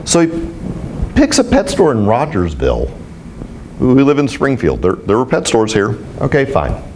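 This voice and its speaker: A man in mid-range pitch telling stories to a group, his voice leaping up and dropping down as he goes. He talks in an animated, self-mocking way, like a spiritual teacher sharing lessons from his own life. A faint hum of noise sits under him. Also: moderate pace. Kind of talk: storytelling talk to a group.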